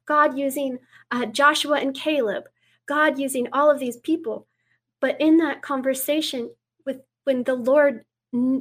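A woman guest speaking earnestly in an interview, reading scripture aloud and dropping to a hush for quoted words. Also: sits high. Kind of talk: preaching in an interview.

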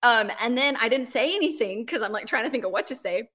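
A woman, a ministry leader, talking casually as a podcast guest, telling a personal faith story in an animated way with lots of "like" and "right?". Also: on the high side, fast talker. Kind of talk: casual interview, personal testimony.

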